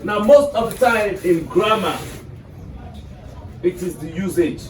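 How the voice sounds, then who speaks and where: A man's voice: high voice, animated, slow. A man with a Nigerian accent teaching an English lesson to a class, quizzing students and checking "are you getting me". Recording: echoey classroom from far off with noise.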